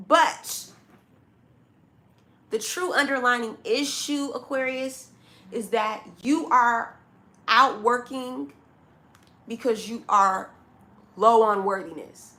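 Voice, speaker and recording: A woman's voice: on the high side, slow pace, long pauses, pushed and bright. A woman doing a zodiac tarot reading to camera, talking straight at the listener in a blunt, scolding way, with casual slang and repeated points. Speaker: tarot reader.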